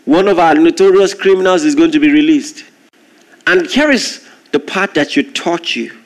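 A man preaching a sermon, retelling a story with lively, acted-out voices. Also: on the high side. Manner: animated storytelling, acting out crowd shouts.

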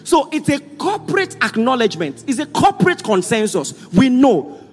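A man with a Nigerian accent preaching a sermon as pastor, leading the congregation in loud call-and-response. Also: very high-pitched, sing-song, a little fast, slightly rough. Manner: rousing call-and-response, often shouting to the congregation. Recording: hall reverb with faint music.

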